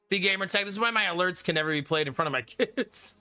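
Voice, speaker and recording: A man's voice: high voice, fast, bright, forceful tone, clear, resonant tone, soft background music. A man in his thirties, a live streamer chatting casually and jokingly with his viewers, often breaking into giggles. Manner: giggly, joking, talks to chat.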